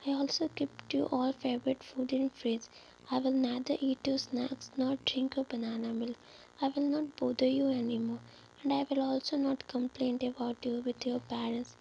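A woman's voice: high-pitched, little pitch movement, moderate pace, vocal fry, a little mellow, lo-fi sound, a little hiss or hum. A woman voicing a tearful, apologetic young wife in a whispered role-play.

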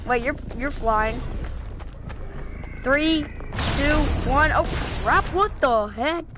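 Giggly high-pitched gamer girl. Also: slow, noisy background. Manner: giggly, excitable, trash-talking. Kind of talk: casual gaming chat.

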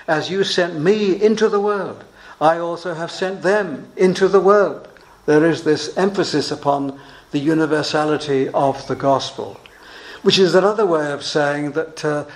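A man's voice: a little high, rough recording. Earnest older man preaching a sermon. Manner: earnest expository preaching with rhetorical questions.

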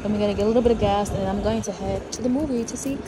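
A woman's voice: mid-range voice, very fast, noisy background. A young woman chatting playfully to camera in a casual vlog, often from her car. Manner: chatty and playful, bursts into song. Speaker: vlogger.

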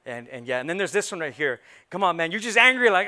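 A male pastor with a high, bright voice preaches to his church. He is playful and animated, slipping into quick impressions of churchgoers. His delivery is forceful and lively. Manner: animated, playful, acts out congregation reactions. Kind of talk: sermon. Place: church sanctuary.

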